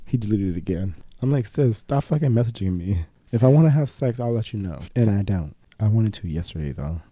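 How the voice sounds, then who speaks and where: A man co-hosting a podcast, telling stories in a blunt, profane, deadpan way. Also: fairly low pitch, brisk, dry recording. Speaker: podcast co-host. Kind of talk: casual chat.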